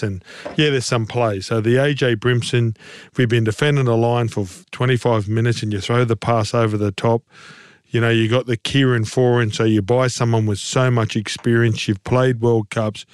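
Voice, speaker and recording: A man's voice: medium pitch, clear, resonant tone, no room sound, clean studio sound. Blunt man talking footy. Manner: blunt, passionate, folksy. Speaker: podcast co-host, former rugby league player. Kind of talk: casual sports chat. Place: podcast studio.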